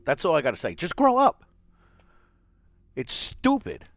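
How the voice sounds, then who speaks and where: Angry new guy ranting about gaming, gravelly voice swinging all over, dry close sound. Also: fairly high pitch, wildly swooping pitch, a little slow, dry recording. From New York. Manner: heated, profane ranting with mocking put-on voices. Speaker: gaming vlogger. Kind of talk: angry rant to camera.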